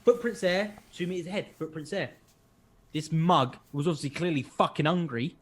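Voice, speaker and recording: A man, co-hosting a podcast and telling stories in an animated, sweary way. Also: a little high, moderate pace. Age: 20s. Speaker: podcast co-host. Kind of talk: casual chat.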